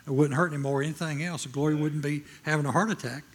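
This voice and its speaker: A man's voice: fairly high pitch, steady tone, quick pace, slightly rough. An older man preaching a sermon, telling a personal story with emphatic, shifting delivery. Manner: emphatic, swings from loud proclaiming to quiet storytelling.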